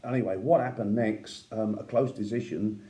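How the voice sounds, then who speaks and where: A man's voice: lowish voice, fairly even intonation, moderate pace, warm tone. A man telling boxing history in a casual, opinionated way, with many asides and fillers. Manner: conversational, with fillers and asides like "yeah" and "right?"; admiring, opinionated. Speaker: boxing commentator. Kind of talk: casual storytelling.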